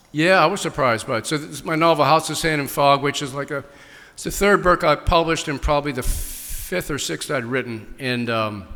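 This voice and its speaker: A man's voice: on the high side, bright, forceful tone, big-room sound. A man, answering an audience's questions in casual, rambling talk with many restarts. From New England. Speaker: author at book festival Q&A. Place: large hall.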